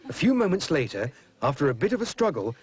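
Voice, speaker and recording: Expressive male storybook narrator. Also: fairly high pitch, quick pace, background noise.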